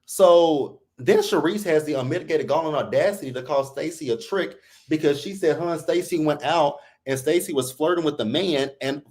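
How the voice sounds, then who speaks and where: A man's voice: a little high, normal speed, hardly any pauses. Profane, exasperated male recap ranter. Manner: profane, animated, exasperated, quotes people in put-on voices. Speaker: reality TV recap host. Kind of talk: heated casual recap rant.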